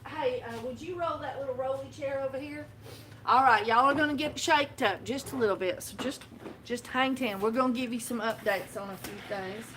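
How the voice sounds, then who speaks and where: A woman's voice: high-pitched, moderate pace, a bit bright, slight background noise. A woman chatting casually to her viewers, rambling with lots of fillers and restarts, recorded by a camera on a tripod. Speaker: soap-making vlogger.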